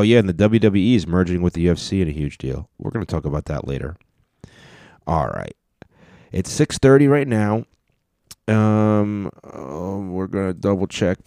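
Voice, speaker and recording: A man with a very low voice riffs casually over clips he is watching, talking over them in a loose, joking way. The sound is dry and close, with almost no room around him. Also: dark tone, dry recording. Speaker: podcast host. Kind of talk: casual commentary reacting to videos.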